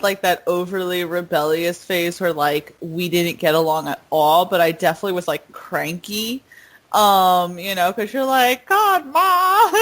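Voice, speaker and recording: A woman co-hosting a podcast, telling stories in casual chat and laughing often. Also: fairly low pitch. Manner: chatty storyteller, laughs often. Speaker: podcast co-host.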